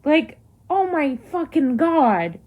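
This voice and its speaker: A woman's voice: sits high, sing-song, takes it slowly, phone-quality sound. A young woman ranting heatedly to camera in a vlog, emphatic and swearing often. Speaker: vlogger. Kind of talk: angry to-camera vlog rant.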